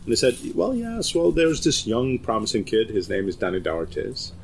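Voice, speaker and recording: Man, low voice, thoughtful and hesitant, faint outdoor night ambience behind. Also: very animated, creaky, slight background noise. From Finland. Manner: measured, hesitant, with fillers. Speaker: magician guest. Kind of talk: casual conversation. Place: backyard at night.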